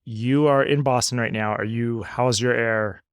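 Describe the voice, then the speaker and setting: A man hosting a podcast in an animated, chatty way, asking open questions. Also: mid-range voice, a little slow, clear, resonant tone, no room sound, clean studio sound. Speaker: podcast host. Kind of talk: casual conversation.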